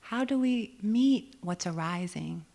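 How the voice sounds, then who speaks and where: A woman meditation teacher giving a dharma talk on retreat, gentle and reflective, often asking questions and laughing easily. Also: mid-range voice, expressive, takes it slowly, gravelly.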